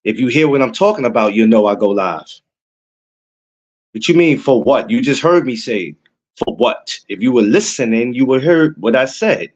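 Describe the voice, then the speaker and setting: A young man hosts a livestream in a casual, hyped way. He answers viewers in chat and circles back over the same words again and again. His voice sits at an everyday middle pitch. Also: moderate pace, muffled recording. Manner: excitable, repeats himself, talks to chat viewers. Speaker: podcast host.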